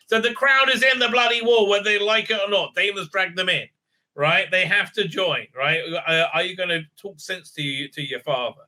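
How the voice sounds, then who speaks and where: A man's voice: sits high, animated, moderate pace, pushed and bright. A middle-aged man, casually recapping a TV episode in a rambling, profane way and often tagging on "right?". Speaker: TV show reviewer.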